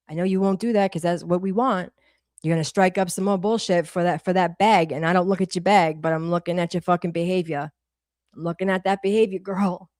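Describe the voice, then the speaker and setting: A woman in her forties with a Boston accent, tearing into someone on a livestream with blunt, profane commentary. Her voice sits at a middling pitch and is recorded close and dry, with no room sound. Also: dry recording. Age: 40s. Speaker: livestream co-host. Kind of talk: heated casual commentary.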